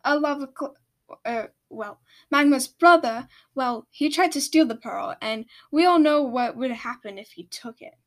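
A stern female dragon queen who gives orders and snarls, as a woman voices her. The voice is high-pitched. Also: unhurried. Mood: commanding. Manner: commanding, snarls.

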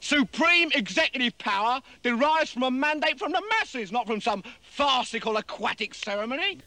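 Film clip, high, bright, pompous peasant ranting about government. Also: male voice, lively intonation, normal speed, dry recording, exaggerated voice. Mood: indignant. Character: indignant male peasant lecturing on politics. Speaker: film character.

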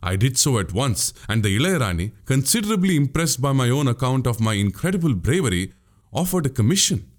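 For an audiobook, a man voices a witty, boastful young warrior who speaks grandly. His medium-pitched delivery is sing-song, a little fast, and lightly acted.

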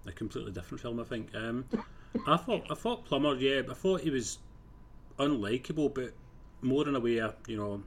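A man's voice: mid-range voice, lively intonation, fairly quick, a little hiss or hum. A man co-hosting a casual film review chat, blunt and swearing freely, saying "kinda" often. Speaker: podcast co-host.

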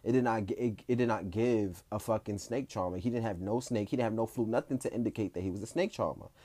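Young man, 20s, dry close sound, animated and profane storyteller with ballroom slang. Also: fairly low pitch, fast talker, no echo. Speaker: ballroom competitor.

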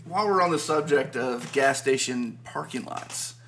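A man's voice: medium pitch, moderate pace, gravelly, noisy background. A man co-hosting a podcast in casual banter, teasing and prompting another host to tell a story.

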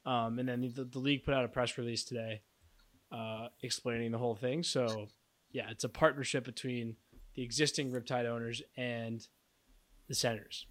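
A man's voice: mid-range voice, fairly even intonation, moderate pace. A man co-hosting a podcast, talking casually and rambling with fillers and restarts. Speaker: podcast co-host. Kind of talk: casual chat.

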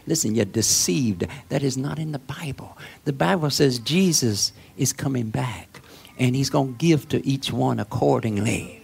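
A male preacher giving a sermon in an emphatic, repetitive way that swells to shouts. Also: mid-range voice, moderate pace, vocal fry, husky.

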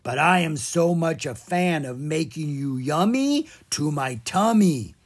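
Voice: mid-range voice, animated, measured pace, breathy edge. A reader putting on a dim, muddled ogre cook. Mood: dim-witted. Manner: broken, muddled grammar. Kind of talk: children's storybook reading.

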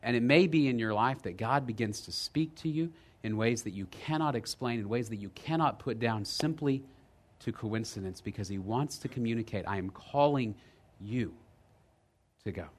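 A man preaching a sermon as pastor, telling a story with lively energy, dropping low and quiet for emphasis and rising loud in the retelling. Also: normal speed. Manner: lively storytelling, checks in with "right?".

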